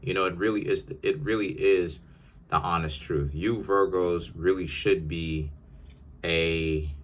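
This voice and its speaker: A man's voice: deep voice, fairly even intonation, measured pace, fairly bright tone. A man giving a tarot reading in an emphatic, lecturing monologue, often repeating his words. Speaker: tarot reader.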